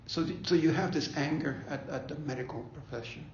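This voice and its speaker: A man's voice: on the high side, brisk, vocal fry, a little mellow, slight background noise. A man leading a faith-based bereavement talk, conversational, often repeating himself and checking in with "okay?". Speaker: grief ministry leader. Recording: echoey room, dull lo-fi sound.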